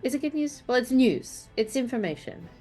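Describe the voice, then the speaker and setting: A woman's voice: on the high side, big pitch swings, moderate pace, darkish tone. A woman joking her way through a tabletop game session, playful and breaking into laughter often. Faint music plays behind the conversation. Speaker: player. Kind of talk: tabletop game play, casual chat.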